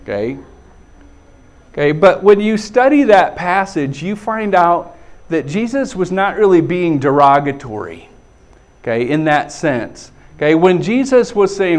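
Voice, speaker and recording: Middle-aged male pastor, fairly high voice, relaxed and chatty preaching style. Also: moderate pace. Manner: conversational, chuckling, says "okay" often. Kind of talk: sermon.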